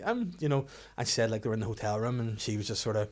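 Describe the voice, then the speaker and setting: A man's voice: lowish voice, racing. Chatty Northern Irish man telling stories. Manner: animated, laughing storyteller with lots of restarts. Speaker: podcast co-host. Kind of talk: casual storytelling chat.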